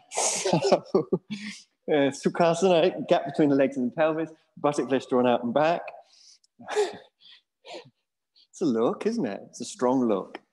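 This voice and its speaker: A man teaching a yoga class in a Buddhist centre studio, relaxed and joking about himself as he guides the students. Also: fairly high pitch, a little slow, pauses often, low-quality recording. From England. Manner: relaxed and jokey, self-mocking asides.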